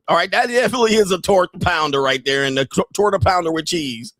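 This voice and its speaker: A man hosting a dating talk show, commenting casually on a viral clip with crude jokes, laughing and getting excited. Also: high voice, fast talker, hardly any pauses, dry recording, clean studio sound. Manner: crude joking, laughs at his own lines; excitable, rising into shouts.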